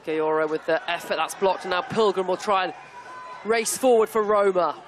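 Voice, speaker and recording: A woman giving brisk live football commentary with jokey asides. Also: fairly low pitch, a faint crowd, slight background noise. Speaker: play-by-play commentator.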